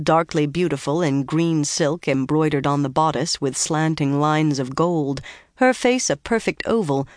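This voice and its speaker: An audiobook narrator reading a fantasy novel in a measured, even way. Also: mid-range voice, dry recording, studio quality.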